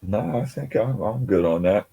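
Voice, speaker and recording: Podcast panelist guy, lowish voice, quick jokey asides. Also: expressive, vocal fry, warm tone, slightly rough, lo-fi sound. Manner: joking quick interjections. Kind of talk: casual chat.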